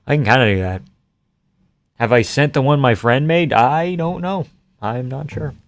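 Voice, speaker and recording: A man's voice: mid-range voice, moderate pace, dry recording. A man hosting a live stream from a home setup, chatting casually and reading out viewer comments with jokes and casual swearing.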